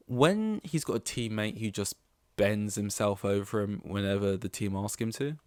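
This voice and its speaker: A young man hosting a podcast alone, talking excitedly in casual commentary, swearing freely and acting out what others said. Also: lowish voice, dry recording. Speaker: podcast host.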